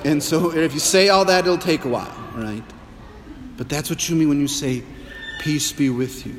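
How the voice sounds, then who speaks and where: A priest giving an Easter homily in a measured preaching voice with humorous asides. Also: male voice, on the high side, lively intonation, big-room sound. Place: church.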